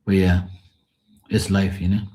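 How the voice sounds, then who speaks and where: Middle-aged guy on a tarot livestream, really low voice, cussing through blunt stories, says hi to viewers by name. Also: little pitch movement, a little slow, mellow. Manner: blunt, swearing storyteller. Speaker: live tarot stream host. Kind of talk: casual livestream chat.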